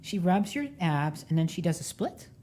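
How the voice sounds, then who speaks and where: A woman with a low, dark voice hosts a podcast interview. Her pitch swings widely as she teases her guest and reacts fast, with crude jokes along the way. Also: sing-song. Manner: playful, teasing, crude jokes, quick reactions. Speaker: podcast host. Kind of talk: casual interview chat.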